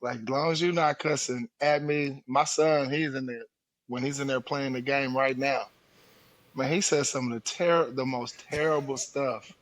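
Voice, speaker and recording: A man's voice: mid-range voice, normal speed, no echo. A man co-hosting a podcast, telling a parenting story in casual chat and acting out the quotes while he laughs. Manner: animated, laughing storyteller who acts out quotes. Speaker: podcast co-host.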